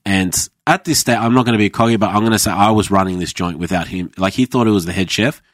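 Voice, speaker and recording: A low-pitched man in his thirties talks casually about his years as a chef. He swears freely and slips into other people's voices as he tells his stories. The sound is close and dry. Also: fast talker, no echo. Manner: sweary storytelling, acts out quoted voices. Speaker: former chef, guest. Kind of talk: casual podcast chat.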